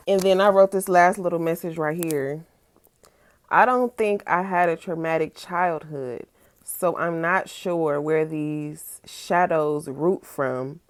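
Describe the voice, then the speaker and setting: Candid young woman musing aloud, low-pitched. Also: takes it slowly. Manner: candid, emphatic, swinging from musing to excited outbursts. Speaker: vlogger. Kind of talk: reflective personal vlog, reading from her notes.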